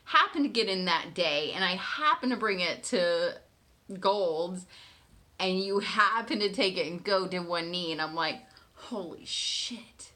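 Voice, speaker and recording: A woman telling her partner a personal story in a candid, animated way, swearing freely and often checking in with "right?". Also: fairly low pitch, a little slow. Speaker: manifestation coach.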